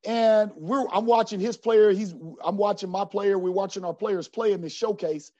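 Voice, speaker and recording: A middle-aged man with a fairly high voice tells his story of faith with earnest feeling. He is lively at times, then drops to a low, quiet tone. The recording is dry and a little dull. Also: normal speed, dry recording. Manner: earnest and animated, often dropping to a low quiet voice. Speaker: basketball coach. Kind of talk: personal faith testimony in an interview. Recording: dry, slightly dull sound.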